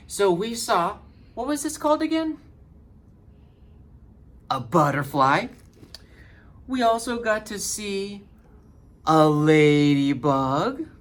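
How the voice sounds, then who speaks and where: A man leading a children's storytime lesson as a librarian, encouraging and animated, talking slowly and clearly for little ones. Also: a little high. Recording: roomy, distant mic, faint hum.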